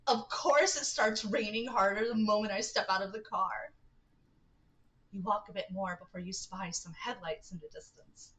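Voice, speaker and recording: A woman's voice: medium pitch, moderate pace, fairly bright tone, poor audio. A young woman livestreaming a dating game, reading its text aloud with giggly, chatty asides. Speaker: streamer.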